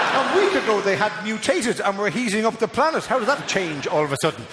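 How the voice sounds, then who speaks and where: An Irish man doing a stand-up comedy routine in a theatre, animated and loud, breaking into mock voices and singing. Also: high-pitched, fast, hardly any pauses, long reverb tail, very noisy. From Ireland. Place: large theatre before a live audience.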